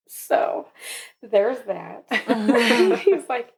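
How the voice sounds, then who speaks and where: A woman's voice: fairly high pitch, animated, slow pace, gravelly, breathy edge. Young woman telling a story with laughter. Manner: laughs often while telling the story, acts out quoted voices. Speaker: podcast guest. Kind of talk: storytelling in a casual interview.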